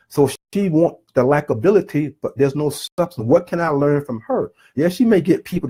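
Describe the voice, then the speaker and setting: A man's voice: medium pitch, mellow, breathy edge. A middle-aged man giving an earnest, rambling motivational talk, often restarting his sentences and drifting off his point. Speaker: self-published author giving a talk.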